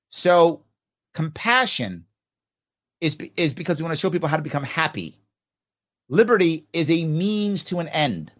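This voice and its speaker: A man hosts a podcast and takes on viewer comments in a casual, animated, emphatic way, quizzing himself with rhetorical questions. His pitch is fairly high.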